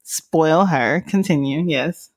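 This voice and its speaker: A young woman hosting a podcast, chatting casually in a giggly, teasing, animated way. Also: deep voice, slow pace. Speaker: podcast host. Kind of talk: casual chat.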